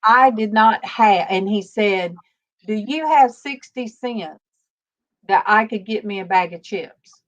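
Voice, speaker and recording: A woman hosting a casual faith-based livestream, telling stories slowly with many fillers over a video call. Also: mid-range voice. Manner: rambling, warm storytelling with many fillers. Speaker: livestream host. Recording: dull lo-fi stream audio.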